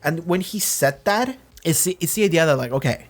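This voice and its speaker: A man's voice: fairly high pitch, lively intonation, brisk. A man hosting a reaction channel, rambling through casual commentary with many restarts and acting out quotes. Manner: acts out quoted characters.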